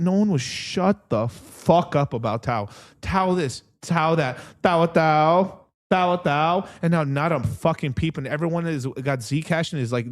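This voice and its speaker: A young man hosting a crypto livestream in a casual, rambling chat, swearing constantly and getting excitable as he talks. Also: on the high side. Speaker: crypto stream host.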